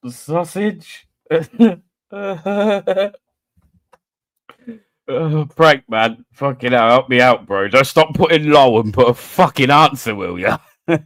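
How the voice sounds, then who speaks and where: A British man hosting a casual livestream quiz, who laughs often, swears freely and reads riddles out slowly. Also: mid-range voice, animated, a bit bright, dry recording. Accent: British English.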